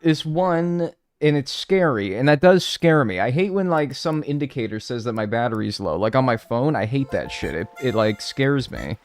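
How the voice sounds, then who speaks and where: A man's voice: mid-range voice, lively intonation, moderate pace, few pauses, faint music behind. A man in his twenties, a game streamer chatting casually with live viewers in a rambling, joking way. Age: 20s. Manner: rambling, joking, full of filler "like".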